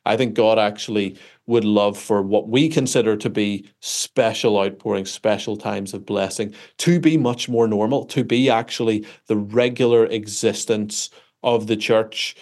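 A Northern Irish man, an author answering interview questions in an animated, self-deprecating storytelling way, often restarting his sentences. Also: fairly low pitch, a little slow. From Northern Ireland. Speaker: author and guest.

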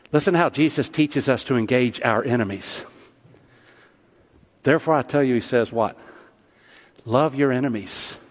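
A middle-aged man preaching a sermon as pastor, talking to the congregation in a conversational way that builds to emphatic peaks. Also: mid-range voice. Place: large church hall. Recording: long hall reverb.

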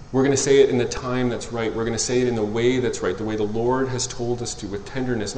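A man pastor preaches from the platform of a church, his mid-range voice ringing through an echoing sanctuary. He swings between loud, impassioned passages and hushed, tender ones, with a faint hum of the room underneath. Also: medium pitch, fairly even intonation, fast talker, hardly any pauses. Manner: impassioned preaching, rising loud on scripture, dropping soft and tender. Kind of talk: sermon. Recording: roomy church echo.

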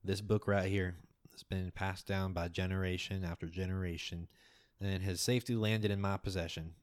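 A man's voice: deep voice, fairly even intonation, no echo, studio quality, close to an everyday voice. Man doing a formal, mysterious scholar guide. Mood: earnest. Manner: measured, formal, hesitant.

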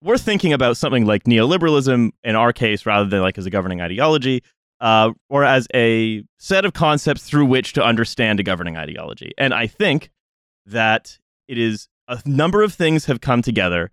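Brief: male podcast host, mid-pitched, halting explanatory delivery, dry close mic. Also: expressive, a bit bright, clear, resonant tone, dry recording. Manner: hesitant, full of restarts and fillers while explaining. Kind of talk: casual political discussion.

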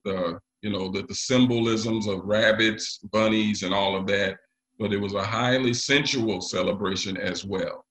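Man preaching a sermon, halting delivery. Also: lowish voice, fairly bright tone, rough recording. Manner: leads the congregation in call and response; halting, with frequent pauses and fillers. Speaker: pastor.

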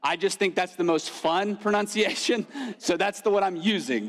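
A man's voice: high-pitched, lively intonation, moderate pace, fairly bright tone. A man preaching a sermon as pastor, in a casual, conversational way with playful asides. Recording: long reverb of a church hall.

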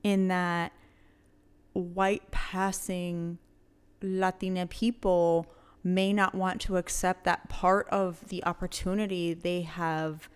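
Clear-voiced woman, frank casual talk. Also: fairly low pitch. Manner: frank, emphatic, quick backchannels. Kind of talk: casual conversation.

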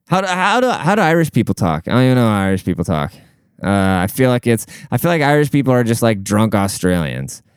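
A man's voice: mid-range voice, a little mellow, clean tone, no room sound. A man in his late twenties rambling in a casual, profane, slangy monologue.

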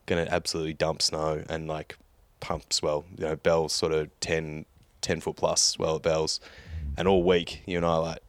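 A man's voice: extremely low pitch, flat delivery, normal speed, few pauses, no echo. A man in a laid-back podcast chat, swearing and laughing often. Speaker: podcast co-host. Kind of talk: casual chat.

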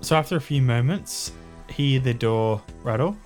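A man narrating a tabletop game as game master, describing scenes calmly. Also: mid-range voice, moderate pace, music in the background.

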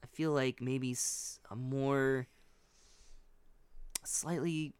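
A man's voice: medium pitch, expressive, takes it slowly, pauses often, a little mellow, clean tone, no room sound. A man co-hosting a podcast, chatting casually and rambling, hedging with many restarts. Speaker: podcast co-host. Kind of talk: casual chat.

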